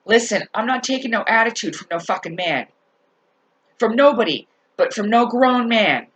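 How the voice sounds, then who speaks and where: A woman telling a story in a casual rant to her viewers, animated, swearing and laughing as she talks. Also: on the high side, moderate pace, breathy edge, muffled recording. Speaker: vlogger.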